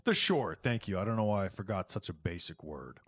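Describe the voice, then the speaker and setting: A man running a tabletop game as game master, describing scenes casually with halting fillers. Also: low-pitched, animated, crowd noise.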